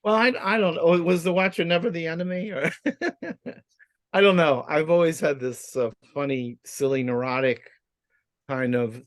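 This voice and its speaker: A man's voice: a little high, measured pace, no room sound. A man asking a question in a group discussion over a video call, hesitant and self-conscious, with nervous laughs. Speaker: course participant.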